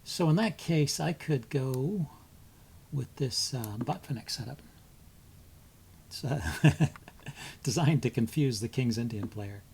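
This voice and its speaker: A man's voice: mid-range voice, slow, creaky, pauses often, a little mellow, breathy edge. A man hosting his chess channel, commentating live on his own blitz game, thinking aloud with frequent ums and muttering moves under his breath.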